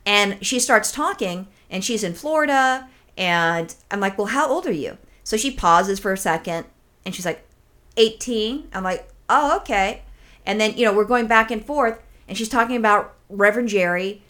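On a laid-back podcast, a woman with a medium-pitched voice recounts a story at normal speed. She is lively and animated, swears freely, and imitates the callers involved.

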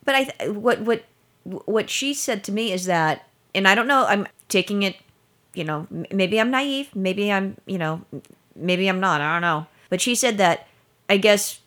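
A woman's voice: mid-range voice, lively intonation, normal speed, fairly bright tone. A woman co-hosting a podcast, talking earnestly in casual chat and often restarting her sentences. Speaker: podcast co-host.

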